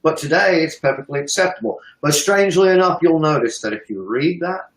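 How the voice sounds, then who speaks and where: A man's voice: on the high side, a little fast, echoey room, rough recording. A British man giving sarcastic, profane political commentary on a livestream, mocking and emphatic. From United Kingdom.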